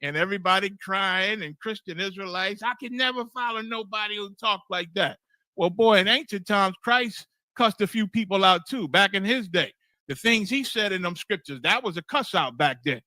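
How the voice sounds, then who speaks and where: A high, pushed, bright male voice at normal speed leads a sermon-style scripture class, recorded dry. The teacher is blunt and emphatic, swears freely, repeats phrases for emphasis, and often asks "you understand?".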